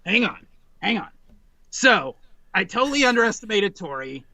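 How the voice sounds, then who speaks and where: A man in his forties tells a story on a casual podcast, his voice pitched high and bright. He rambles animatedly and restarts often. The sound is dry and close, with no room around it. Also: big pitch swings, normal speed, no echo. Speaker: podcast guest.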